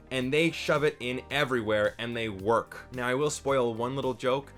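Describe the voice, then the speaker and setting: A man talks through a movie review in a casual, enthusiastic way, often tossing in "right?". His voice sits in an ordinary middle pitch. Faint music plays behind him. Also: moderate pace, hardly any pauses, fairly bright tone. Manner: enthusiastic, conversational, frequent "right?".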